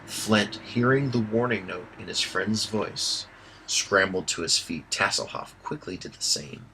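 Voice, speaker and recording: A man reading an audiobook aloud in a steady storytelling voice. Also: sits low, a little slow, a little hiss or hum, poor audio. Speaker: audiobook reader. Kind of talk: amateur audiobook narration.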